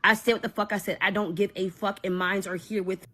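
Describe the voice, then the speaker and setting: A woman's voice: mid-range voice, steady tone, a little fast, a bit bright. Woman, blunt confrontational rant, defiant and profane.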